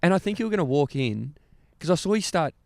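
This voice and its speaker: A young Australian man co-hosting a podcast, telling travel stories in animated, casual chat and swearing freely. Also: fairly high pitch, fast, gravelly, no room sound, studio quality. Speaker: podcast co-host.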